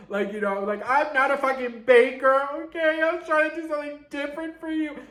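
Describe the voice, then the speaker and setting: A man telling a storytime in a sassy, dramatic way, swearing and swinging his pitch up and down. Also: animated, brisk, a bit bright, reverberant. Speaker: storytime vlogger. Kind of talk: casual storytime monologue.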